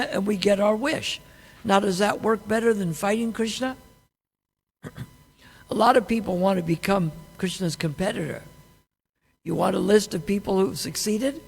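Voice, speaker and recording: In a temple hall, a class speaker leads scripture study in a conversational way, posing one rhetorical question after another. His voice is high, with vocal fry and a breathy edge, and the recording carries long hall reverb.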